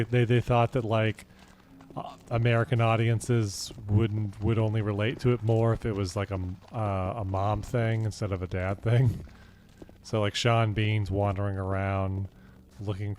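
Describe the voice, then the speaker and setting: Casting: young male streamer, lowish voice, loose rambling play-by-play over faint game sounds. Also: darkish tone, a little hiss or hum. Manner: rambling, many fillers and restarts. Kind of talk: casual gaming commentary.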